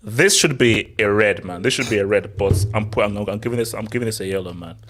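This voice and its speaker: A young man co-hosting a casual football chat show, animated and laughing, often repeating himself. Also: on the low side, fast, background noise. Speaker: podcast co-host.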